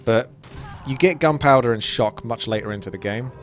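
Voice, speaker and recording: A man's voice: mid-range voice, moderate pace. A young man with a chatty manner, explaining strategy as he plays and commentates on a strategy game. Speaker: gameplay commentator. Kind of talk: casual gameplay commentary. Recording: game music underneath.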